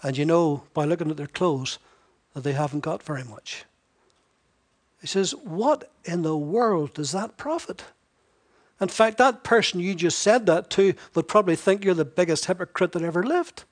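A man's voice: sits high, normal speed. A man preaching an expository sermon, emphatic and repetitive, with wry asides.

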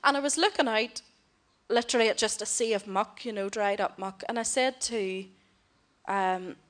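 A woman's voice: mid-range voice, normal speed, a bit bright. Woman telling a mission story. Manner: heartfelt storytelling, voices others in quotes. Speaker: missionary speaker. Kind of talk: mission report to a church congregation.

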